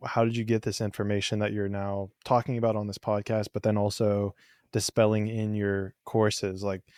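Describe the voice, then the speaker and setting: A man hosting a podcast interview, asking curious, probing questions with halting restarts. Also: lowish voice, a little mellow, dry recording, studio quality. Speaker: podcast host. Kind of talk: conversational interview.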